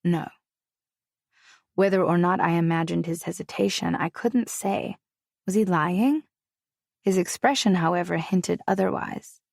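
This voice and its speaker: A woman's voice: on the low side, moderate pace, creaky, a little mellow, no echo, clean studio sound. A woman narrating a romance audiobook in the first person, intimate and confessional.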